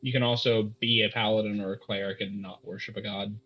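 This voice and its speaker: A man narrating a tabletop game as game master, measured and descriptive. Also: lowish voice, level tone, lo-fi sound.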